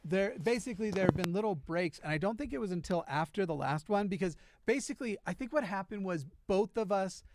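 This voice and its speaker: A man's voice: sits high, animated, fairly quick, few pauses. A man talking casually on a livestream, hesitant, with many "uh" and "like" fillers and restarts. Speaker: livestreamer in a played clip.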